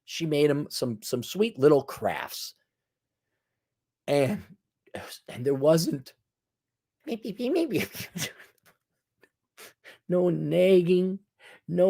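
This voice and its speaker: A man's voice: on the high side, lively intonation, very slow, creaky, pauses often, warm tone, husky. A man hosting a solo commentary monologue, lecturing in a sarcastic, mocking way. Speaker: commentary channel host.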